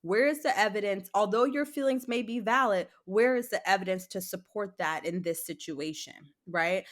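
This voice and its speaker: Woman, psychologist guest, explanatory, conversational interview. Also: mid-range voice. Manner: explanatory, animated when acting out examples. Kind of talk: conversational advice.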